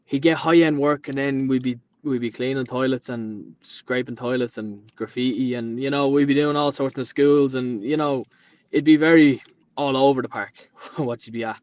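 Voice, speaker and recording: A man's voice: medium pitch, fairly even intonation, normal speed, no room sound. Rambling Dublin man in his late twenties. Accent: Dublin Irish. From Ireland. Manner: rambling storyteller who acts out quoted dialogue. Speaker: podcast guest, painter and decorator. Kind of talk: casual chat. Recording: dull lo-fi sound.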